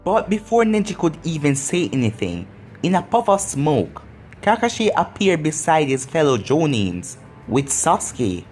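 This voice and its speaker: A storyteller reads a fan-written tale aloud with a pitch that rises and falls freely. The delivery stays even and plain. Soft music plays faintly underneath. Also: unhurried. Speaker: narrator.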